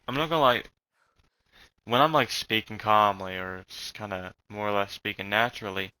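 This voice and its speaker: A young man with a slight Southern accent rants loosely and swears often as he plays. His voice is bright and tense, and the recording is dry with no room sound. He talks in a rambling way and keeps restarting his sentences. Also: fairly low pitch, normal speed, smooth, dry recording, poor audio. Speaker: vlogger. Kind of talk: rambling casual rant.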